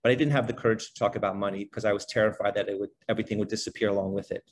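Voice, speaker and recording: A middle-aged man, a guest on a podcast, telling his life story in a relaxed, conversational way, filling his speech with "you know" and "like". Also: fairly low pitch, slight background noise. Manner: animated, fast-flowing, many fillers like "you know" and "like". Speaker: podcast guest, basketball trainer.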